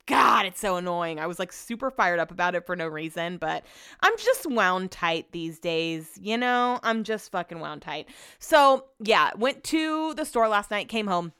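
A woman's voice: mid-range voice, lively intonation, a little fast, sharp tone, clear, resonant tone, dry recording, studio quality. A woman host chatting casually about her week, a chatty storyteller who swears freely and acts out what she said. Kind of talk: casual chat.

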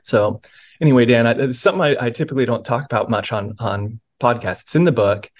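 A man's voice: medium pitch, fast. A man, a pastor and author, earnestly telling a personal story of faith in a podcast interview, with many restarts.

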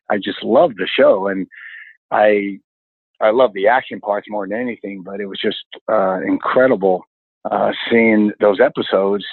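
A man in his sixties, a stunt coordinator telling lively stories in an interview, often exclaiming as he recalls events. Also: on the low side, creaky, husky, no room sound. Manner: animated anecdotes, exclaims often. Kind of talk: storytelling interview chat. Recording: dry, tinny phone-like line.

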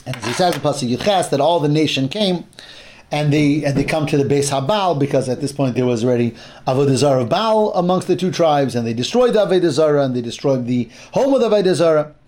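Pria pengajar dengan suara agak tinggi. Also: male voice, on the high side, lively intonation, darkish tone. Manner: halting, restarts phrases, mixes in Hebrew terms. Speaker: Bible teacher. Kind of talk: explanatory Torah class.

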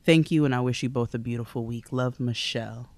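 A woman's voice: rumbling low, steady tone, a little fast, a little mellow, dry recording. A woman co-hosting a podcast, reading an ad and a listener's letter aloud in a casual, upbeat way. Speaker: podcast co-host. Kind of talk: casual podcast chat and ad read.

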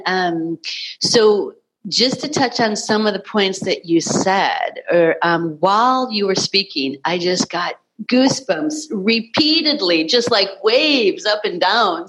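A woman's voice: medium pitch, fairly bright tone, poor audio. A woman hosting a spiritual podcast conversation, speaking in an earnest, emotional way. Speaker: podcast host.

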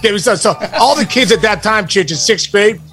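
A high-voiced man spins a story as a podcast co-host and acts out each quoted voice with relish. He talks in a loose, casual way, and faint music sits underneath. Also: lively intonation, brisk, fairly bright tone. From Pittsburgh area, USA.

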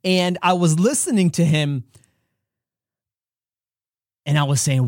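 A man's voice: high voice, normal speed, dry recording, clean studio sound. A man hosting a podcast, giving an earnest, direct faith-based motivational talk full of stories. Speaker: podcast host.

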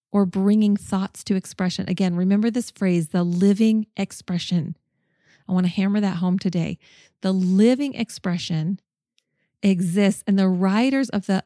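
A woman's voice: medium pitch, dark tone, dry recording, studio quality. A woman hosting a podcast, teaching a Bible study in an earnest, enthusiastic and emphatic way, speaking into a microphone. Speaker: podcast host.

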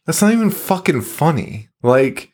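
A man's voice: fairly high pitch, very animated, normal speed, darkish tone. A man co-hosting a podcast, recapping a movie in casual, profane, exasperated rants. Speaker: podcast co-host.

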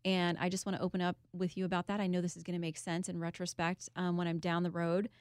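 A woman's voice: lowish voice, completely flat delivery, fast, clean tone, no room sound, clean studio sound. A woman guest in an interview, telling a personal story in an earnest, candid way with occasional laughs. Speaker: guest, author and TV host.

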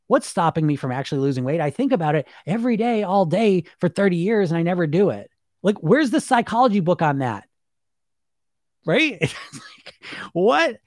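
A fairly high-voiced middle-aged man talks as a weight-loss coach in a loose, emphatic monologue. He stacks fillers, throws questions at the listener and swears casually. The sound is close and dry, with no room in it. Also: big pitch swings, fairly quick, a little mellow, no echo. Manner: chatty, emphatic, repeats fillers, swears casually, laughs often.

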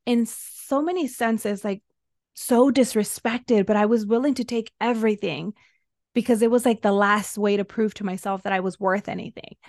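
This podcast interview features a woman coach, who works in women's soul embodiment, sharing a painful chapter of her life with earnest emotion. She speaks at normal speed in a medium, darkish voice with a steady tone, captured in a studio with no echo.

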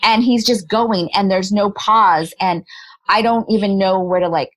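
A woman in a remote interview, a body language specialist, explaining her points in a lively way and laughing often. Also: mid-range voice, a little slow, low-quality recording. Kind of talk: conversational interview.

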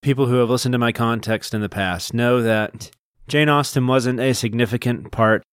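A man's voice: medium pitch, steady tone, moderate pace, clear, resonant tone, no echo, studio quality. A man co-hosting a casual book podcast, rambling and correcting himself as he talks, laughing often. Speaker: podcast co-host.

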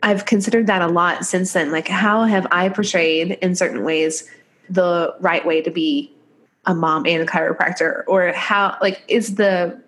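A woman's voice: fairly low pitch, steady tone, a little slow, a bit bright. A woman chiropractor co-hosting a podcast, chatting easily and laughing, her voice stuffy from a cold. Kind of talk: conversational podcast chat.

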